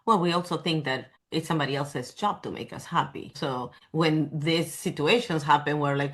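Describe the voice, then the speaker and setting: A woman's voice: sits low, steady tone, a little fast, few pauses, a bit bright. A woman hosting a podcast interview, affirming and empathetic in her replies. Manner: affirming, empathetic, short agreements. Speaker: podcast host. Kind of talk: conversational interview.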